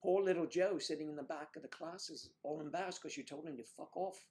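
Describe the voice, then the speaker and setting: A man's voice: fairly high pitch, a little fast, a little mellow. A middle-aged man from the United States hosting a casual livestream, teasing viewers by name with bawdy jokes. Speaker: livestream co-host. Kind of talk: casual livestream chat reading comments.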